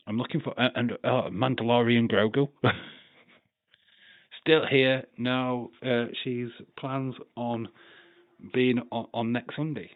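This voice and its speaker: Speaking slowly in a steady, mid-range voice with long pauses, a livestream host from Yorkshire runs a watch-along. He chats casually, laughs a lot, swears and reads out chat messages, and the audio is phone-quality with no room sound.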